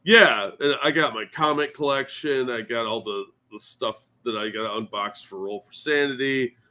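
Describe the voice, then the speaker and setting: A man co-hosting a casual morning stream, sounding sleepy and poking fun at himself. His voice is bright and forceful, and he swears freely as he chats. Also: medium pitch, normal speed. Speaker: podcast co-host.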